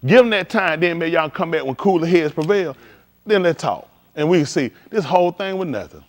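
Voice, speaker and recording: A man preaching in a casual, conversational style, swinging from quiet to loud and acting out conversations. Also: fairly high pitch, a little fast. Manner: animated, shifting between quiet and loud, acts out dialogue. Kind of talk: livestreamed sermon.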